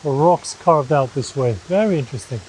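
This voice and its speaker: Chatty man vlogging outdoors, mellow voice. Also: on the high side, a little fast, slight background noise, rough recording. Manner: chatty, explaining sights to camera. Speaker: travel vlogger. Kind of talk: casual travel commentary while walking. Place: outdoors in a river gorge. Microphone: handheld camera held aloft.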